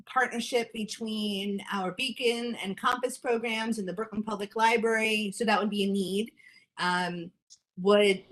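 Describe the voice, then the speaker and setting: A woman speaking up in an online community meeting, eager and a little halting. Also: mid-range voice, a bit bright. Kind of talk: casual meeting discussion. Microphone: video call.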